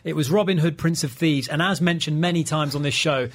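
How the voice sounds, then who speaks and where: A man's voice: on the high side, a little fast. A man hosting a casual film podcast, chatty and full of trivia. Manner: chatty, trivia-telling, laughs often. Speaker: podcast host.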